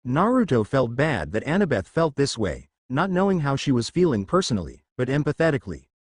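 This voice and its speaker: A man narrates a story aloud in an even, unhurried reading voice. His pitch moves up and down freely as he reads. The sound is close and dry. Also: breathy edge, no echo. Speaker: fan fiction reader.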